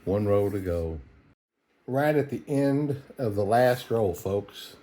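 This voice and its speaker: Slow-paced yet animated, a middle-aged man with a fairly low voice talks over background noise. Late at night at home, he searches coin rolls and narrates casually in a folksy, easygoing way, tired and yawning.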